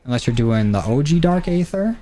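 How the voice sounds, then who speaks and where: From his home gaming setup, a man streams a shooter game, his fairly high voice brisk and mellow with big swings in pitch. He thinks aloud in rambling casual commentary, swearing freely into a desk mic run through a mixer while faint gunfire plays in the background.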